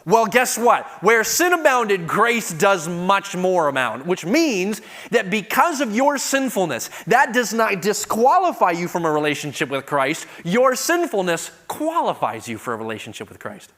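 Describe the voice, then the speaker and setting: A middle-aged man preaches a sermon in a large hall. His voice sits a bit high, and he shifts from quiet, conversational storytelling to loud, emphatic, pressing declarations. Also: very animated, normal speed, few pauses.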